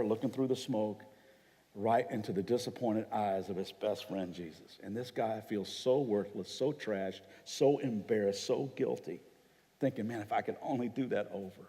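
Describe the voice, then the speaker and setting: A pastor preaching a sermon, telling stories vividly and acting out the voices of people in them. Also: male voice, mid-range voice, dark tone, long reverb tail. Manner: dramatic storytelling, acts out quoted voices. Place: church hall.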